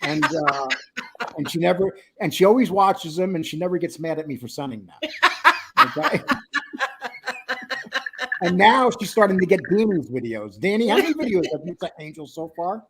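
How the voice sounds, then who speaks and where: A man hosting a casual livestream, his voice sitting high and husky. He jokes, teases and reads chat comments aloud with a lively, bouncing delivery. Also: moderate pace, long pauses. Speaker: livestream host.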